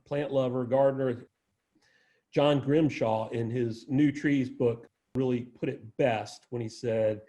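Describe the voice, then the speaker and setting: A man's voice: mid-range voice, fairly even intonation, normal speed, mellow. A man giving an informal plant lecture, conversational, with frequent restarts and asides. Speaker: arboretum director giving a plant talk.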